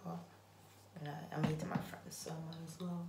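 A young woman chats to her camera in a relaxed vlog, her voice sitting on the low side for a woman. She often slips into a soft, half-whispered delivery. A steady background noise runs beneath her. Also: fairly quick. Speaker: vlogger. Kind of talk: casual vlog talk.

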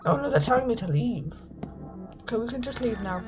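A woman's voice: on the high side, lively intonation, brisk. A woman giving playful, mock-cheerful commentary while playing a horror game, with sing-song exclamations. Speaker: gaming YouTuber. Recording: game music behind the voice.

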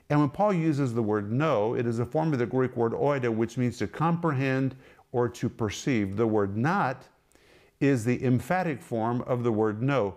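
Middle-aged guy teaching scripture, mid pitch, punchy and emphatic, keeps repeating his questions. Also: moderate pace, darkish tone. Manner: emphatic, repeats questions for effect, explains Greek words. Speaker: Bible teacher and ministry host. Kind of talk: televised Bible teaching.

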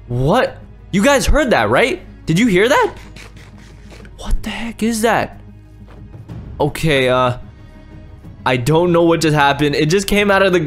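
A young man commentating a game, easily startled, swinging from hushed mutters to sudden yells. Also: on the high side. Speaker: gaming YouTuber. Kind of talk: Minecraft gameplay commentary.

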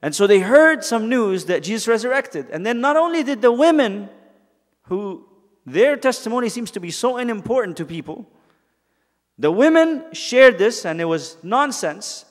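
A man teaching a youth Bible study, telling stories in a lively way and acting out characters in quick asides. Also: high-pitched, big-room sound. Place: church hall.

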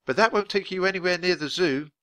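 A man voicing a friendly, grey-haired museum lady in a children's book reading, talking brightly and gushingly. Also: sits high, quick pace, no room sound, pitched above the performer's own voice.

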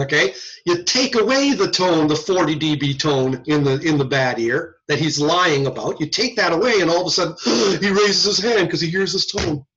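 A man's voice: on the high side, fairly bright tone. A man lecturing a class on hearing tests, asking his students rhetorical questions. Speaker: audiology lecturer. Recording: muffled lo-fi lecture recording.

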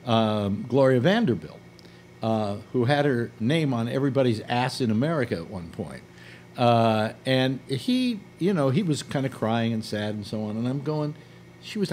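A man's voice: medium pitch, a little hiss or hum. An older man hosting a casual conversation, talking in a rambling way, restarting his sentences often. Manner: animated, rambling with many restarts. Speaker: host.

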